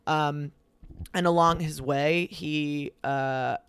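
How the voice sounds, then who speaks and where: A young man casually retelling a myth, full of fillers and quick acted-out quotes. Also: on the high side, steady tone, a bit bright, clean tone. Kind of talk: casual storytelling chat.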